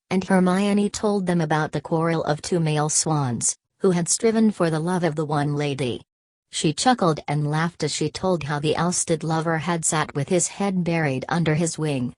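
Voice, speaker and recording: Audiobook narrator, woman, low deep register, dry close sound, measured delivery. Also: no echo. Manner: steady, measured reading with quoted dialogue. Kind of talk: scripted narration.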